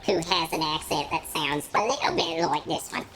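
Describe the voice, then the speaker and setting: A woman's voice: low-pitched, moderate pace, fairly bright tone. A woman bantering on a charity game stream in a playful, mock-indignant way. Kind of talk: casual banter.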